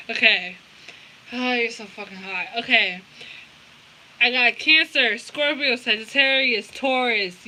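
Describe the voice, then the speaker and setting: Blunt, bright-voiced young woman reading tarot. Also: on the high side, slight background noise, low-quality recording. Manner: blunt, profane, animated slang. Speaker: tarot reader.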